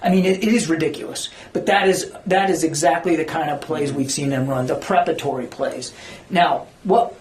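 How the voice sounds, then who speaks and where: A man's voice: a little high, a little fast, darkish tone. A man speaking as a government spokesman, answering reporters' questions at a press briefing in an earnest, emphatic way, sometimes searching for words. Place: briefing room. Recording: echoey briefing room.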